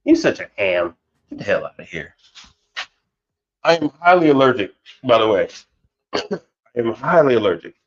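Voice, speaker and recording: With a medium-pitched voice, a moderate pace and long pauses, a commercial appliance technician chats on a livestream. He's an animated storyteller who repeats words as he goes and laughs a lot. The recording sounds a bit dull, with faint music behind him.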